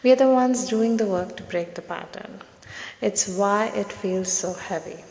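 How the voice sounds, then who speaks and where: A woman psychotherapist speaks gently and soothingly in short, measured phrases. Her voice carries a gravelly fry. The room around her is echoey, with a long reverb. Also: mid-range voice. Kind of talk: reflective therapy talk to camera.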